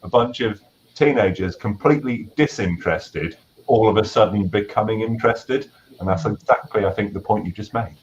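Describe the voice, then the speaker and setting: A man's voice: lowish voice, moderate pace, a little hiss or hum. A male co-host telling a story with animation and asking a guest questions in a friendly interview. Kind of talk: casual interview chat. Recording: dull, lo-fi sound.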